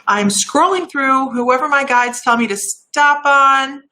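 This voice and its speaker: A woman giving intuitive readings on a live stream, chatty and warm, laughing at herself and drifting off topic. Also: high-pitched, slow. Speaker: intuitive reader and shaman.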